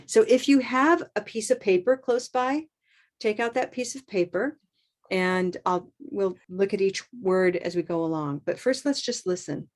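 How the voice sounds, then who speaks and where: An encouraging woman leads a live online pronunciation class at a medium pitch. She talks to her students through a computer mic and chants rhythms to model them. Her tone stays upbeat as she guides the practice. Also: animated, measured pace. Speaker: pronunciation teacher.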